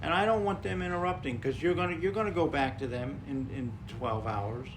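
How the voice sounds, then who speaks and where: A man co-hosting a podcast, talking calmly and gently in a casual conversation about honest communication. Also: fairly high pitch, fairly quick, noisy background. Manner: gentle, calm and mild even when voicing anger. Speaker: podcast co-host.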